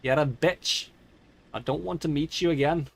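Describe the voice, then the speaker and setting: A man's voice: fairly high pitch, normal speed, creaky, slightly rough, no echo. A man putting on an accent to play a boastful, cursing male ghost hunter during a gaming stream. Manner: boastful, profane and loud.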